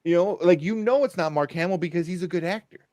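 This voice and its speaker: A man's voice: high-pitched, fast, darkish tone, dry recording. A man hosting a casual film podcast, rambling with many fillers and frequent laughs. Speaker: podcast host. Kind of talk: casual chat.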